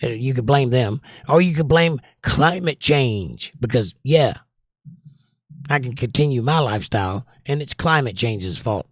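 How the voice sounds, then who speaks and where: A man's voice: medium pitch, expressive, measured pace, no echo, clean studio sound. A man hosting a casual livestream, reading out viewer comments and answering them in an opinionated, sarcastic rant. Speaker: livestream host.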